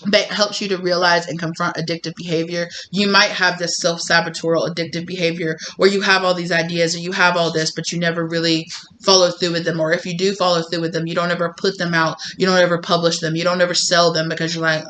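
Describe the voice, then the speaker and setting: A woman's voice: fairly low pitch, little pitch movement, fairly quick, fairly bright tone, slight background noise. A woman doing a casual tarot reading, chatty and full of fillers, often acting out quoted voices. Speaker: tarot reader.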